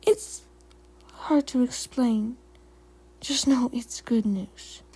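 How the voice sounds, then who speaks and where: Woman voicing a soft-spoken young she-cat. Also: high voice, completely flat delivery, in a whisper, rough recording. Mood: hushed. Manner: soft, hushed, measured. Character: young female cat apprentice, calm and hopeful.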